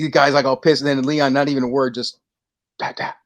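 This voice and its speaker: A man co-hosting a casual podcast, telling stories with lively energy and acting out lines in quick bursts. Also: mid-range voice. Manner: animated storytelling, acting out movie lines. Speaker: podcast co-host. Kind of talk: casual chat.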